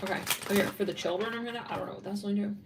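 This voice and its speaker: A woman's voice: mid-range voice, fairly even intonation, very fast, creaky, distant mic, heavy background noise. A woman with a Californian accent giving a casual, rambling tarot reading, laughing often and saying "like" a lot. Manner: rambling, giggly, lots of "like". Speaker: tarot reader.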